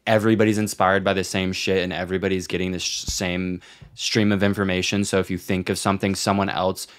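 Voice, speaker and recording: A man's voice: low-pitched, flat delivery, fast. A young man in his twenties, co-hosting a podcast, rambling in casual chat with lots of swearing and filler words. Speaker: podcast co-host.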